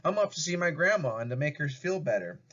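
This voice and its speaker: A man's voice: a little high, sing-song, fast, a bit bright, muffled recording, pitched above the performer's own voice. A man doing a shaky, volatile young woman. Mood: giggly. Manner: shaky, rising, pleading.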